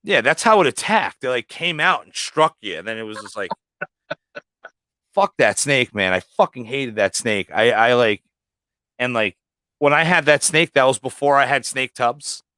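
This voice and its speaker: A man in casual livestream chat, loose and profane, telling stories about his snakes with lots of cursing. He throws himself into acting out quotes. His voice sits at an ordinary pitch and sounds dry and close, with no room around it. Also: expressive, moderate pace, no room sound. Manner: profane storyteller, acts out quotes loudly. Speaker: livestream guest, snake breeder.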